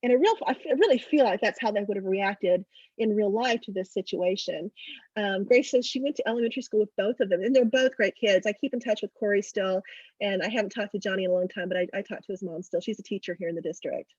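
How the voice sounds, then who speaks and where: A middle-aged woman author in a casual interview over a video call, telling stories in a chatty, animated way. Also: mid-range voice, quick pace, husky, no room sound, lo-fi sound.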